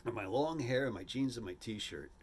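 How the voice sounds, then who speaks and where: Husky older man telling a rambling tale. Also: mid-range voice, normal speed. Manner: rambling, animated, with restarts and asides. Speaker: storyteller. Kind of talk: humorous personal storytelling.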